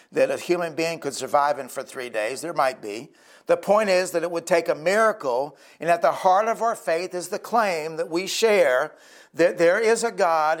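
A male pastor preaching a sermon in an earnest, conversational storytelling way. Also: sits high.

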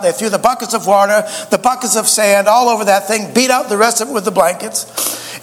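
A man's voice: high voice, fairly bright tone, long reverb tail. A man preaching a sermon, a folksy storyteller who often stammers and restarts his sentences. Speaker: pastor.

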